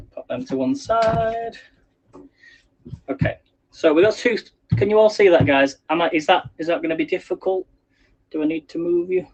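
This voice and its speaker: A man's voice: high-pitched, darkish tone, dull audio. A man hosting a casual live cooking stream from his home kitchen, chatting and rambling to viewers while he cooks. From England. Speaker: livestream cooking host. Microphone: phone on a selfie stick.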